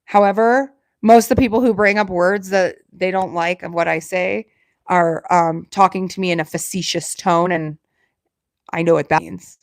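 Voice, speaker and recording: A woman with a Southern Alabama accent chats with her livestream viewers in a self-deprecating way. She talks quickly and lets her words slur together. The sound is dry and close, with no room echo. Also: on the low side, fairly even intonation. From Alabama, USA. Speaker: livestream host. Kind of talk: casual live-stream chat with viewers.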